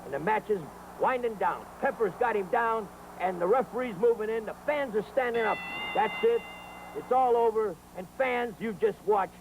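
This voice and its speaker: Male wrestling-show host, hyperbolic huckster, high gravelly voice, noisy vintage broadcast audio. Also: moderate pace. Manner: hyperbolic showman, talks straight to the fans; breathless exclamations and hype. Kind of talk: excited play-by-play commentary over old footage.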